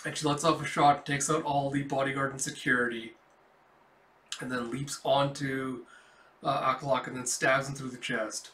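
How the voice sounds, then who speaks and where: Casual comic readthrough by a mid-pitched man, lots of fillers, roomy echo. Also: little pitch movement, normal speed, bright, forceful tone, distant mic, slight background noise. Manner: describes panels aloud with frequent fillers. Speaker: comic book reader. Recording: echoey room.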